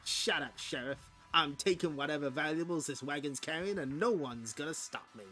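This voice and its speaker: Gruff western outlaw, read by a man, sneering, comic read-aloud. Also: a little high, moderate pace, bright, forceful tone, soft background music.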